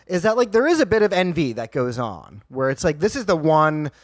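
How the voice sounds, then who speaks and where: Male comedian podcast co-host, lively swooping delivery, slightly high voice, dry close sound, profane opinionated riffing. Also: fairly quick, no echo. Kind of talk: casual comedic podcast chat.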